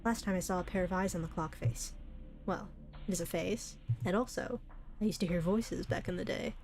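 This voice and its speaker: A woman's voice: lowish voice, a little fast, a little hiss or hum. A woman streamer reading a visual novel aloud, breaking into chatty, giggly asides between the lines. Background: soft background music.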